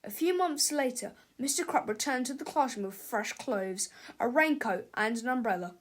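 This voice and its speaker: A woman reading a children's storybook aloud with a lively, expressive delivery. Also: on the high side, normal speed.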